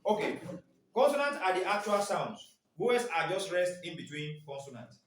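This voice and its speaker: A man's voice: sits high, big pitch swings, moderate pace, a little hiss or hum. A man training teachers in phonics, quizzing the class with repeated "what?" questions. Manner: quizzing, asks "what?" and waits for answers. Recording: echoey room, mic far off.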